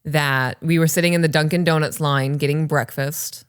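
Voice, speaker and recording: A woman in her thirties co-hosting a podcast, reading listener stories and chatting casually, animated and swearing freely. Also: deep voice, moderate pace, smooth. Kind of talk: casual chat and story reading.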